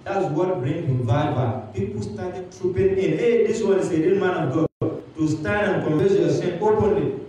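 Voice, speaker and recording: A man's voice: high-pitched, normal speed, warm tone, very echoey, recorded from a distance, a little hiss or hum, poor audio. A man preaching a sermon, retelling a story and acting out the people in it with repeated emphatic phrases. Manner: storytelling sermon, voicing characters in quotes, repetitive emphatic phrasing. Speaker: pastor.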